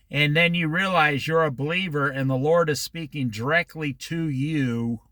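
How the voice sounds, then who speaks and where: A man with a fairly high, bright voice leads a casual Bible study, his pitch rising and falling a lot. He talks in a folksy, rambling way and drifts into side stories. The sound is dry, with little room around it. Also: no echo. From Iowa. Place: outdoors by the ocean near a dock at dusk.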